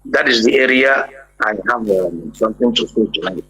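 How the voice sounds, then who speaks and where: A man speaks on a call-in line with a husky, bright-edged voice. He moves forward steadily, pausing with "uh" and "you know". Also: fairly low pitch, expressive, poor audio. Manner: measured, hesitant with "uh" and "you know". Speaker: caller. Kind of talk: call-in contribution.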